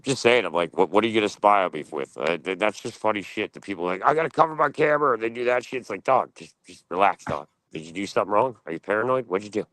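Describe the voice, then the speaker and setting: A man's voice: lowish voice, quick pace, hardly any pauses, a bit bright, no room sound, rough recording. A man streaming, ranting casually in a blunt, profane and boastful way.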